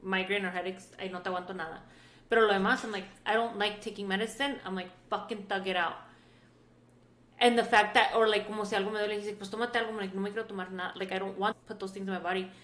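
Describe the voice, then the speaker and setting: A woman in her thirties co-hosting a podcast, telling stories with animated energy, swearing freely and switching between English and Spanish. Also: medium pitch, racing. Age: 30s. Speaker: podcast co-host. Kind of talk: candid casual chat. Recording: roomy echo.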